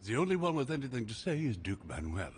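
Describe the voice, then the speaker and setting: An actor playing a bored, gossip-hungry statesman in a video game, speaking in a measured, dry way. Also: medium pitch, big pitch swings, slight background noise, close to an everyday voice.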